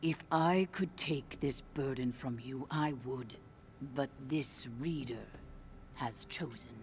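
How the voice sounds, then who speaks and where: A woman voicing a stern, worried older male mouse uncle in a video game's storybook narration, speaking gravely and protectively. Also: rumbling low, takes it slowly, noisy background, pitched below the performer's own voice.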